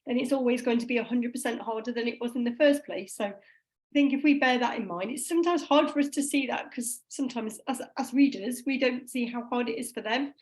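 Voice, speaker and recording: Woman from England, fairly high voice, patient trainer explaining over a video call. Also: fairly quick, low-quality recording. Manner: explanatory, reassuring, conversational. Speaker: phonics trainer. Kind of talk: online training session talk.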